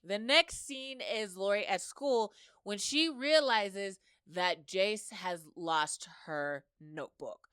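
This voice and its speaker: A woman hosts a podcast, recapping a story in a relaxed, talkative way and dropping into quoted back-and-forth between characters. Her voice is smooth and clear, sitting at an ordinary pitch. The sound is close and dry, with no room echo. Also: slow pace. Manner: chatty retelling of a story, slipping into quoted dialogue. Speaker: podcast host. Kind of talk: casual episode recap.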